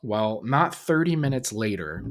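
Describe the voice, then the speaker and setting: Low-voiced man telling a rambling story. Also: sing-song, a little slow. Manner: rambling with restarts and fillers. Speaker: podcast host. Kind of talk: casual solo podcast storytelling.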